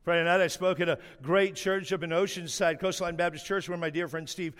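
A man preaching a sermon, telling a story with animation and slowing down hard on the words he wants to stress. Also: a little high, fairly even intonation, fairly bright tone, big-room sound.

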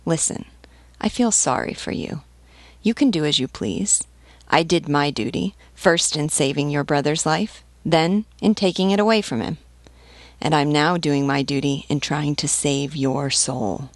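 A woman gives voice to an aging nobleman in a spoken novel. He is serene and commanding, pressing his point in a calm, measured way. The voice sits low and sounds close and dry. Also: no room sound. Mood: solemn. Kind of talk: audiobook reading.

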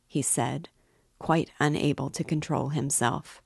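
A middle-aged woman reading a classic novel aloud, measured and steady, raising her voice for the characters' lines. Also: a bass voice, vocal fry, slightly rough, dry recording, studio quality. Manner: measured, lifts voice for quoted dialogue. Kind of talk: literary read-aloud.

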